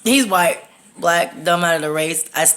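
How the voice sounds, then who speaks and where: Speaking in a lowish, slightly bright voice at a measured pace, a Texan storytime vlogger rambles through a personal tale to her phone. She's candid and profane in this casual monologue.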